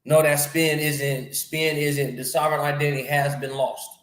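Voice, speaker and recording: Male podcast host, higher-pitched, slangy and animated, repeats phrases, echoey room. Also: moderate pace. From North America. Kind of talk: casual conversation.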